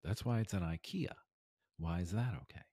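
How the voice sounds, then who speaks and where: Deep husky guy doing his daily inspiration podcast, dry close sound, gets loud then whispery. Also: normal speed, no room sound. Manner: animated, swings between loud emphasis and near whisper. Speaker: podcast host. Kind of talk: casual inspirational monologue.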